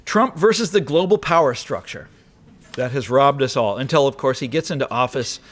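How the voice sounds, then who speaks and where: A man's voice: mid-range voice, expressive, moderate pace, fairly bright tone. A man delivering a political address to an audience, emphatic and rhetorical, with wry asides. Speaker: speaker. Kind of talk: political speech. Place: lecture hall.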